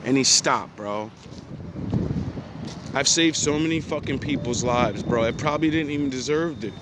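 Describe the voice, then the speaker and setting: A man from New Jersey giving an intense, profane motivational talk in street slang, at times rising to pleading shouts. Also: medium pitch, moderate pace, noisy background. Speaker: motivational speaker. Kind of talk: passionate monologue.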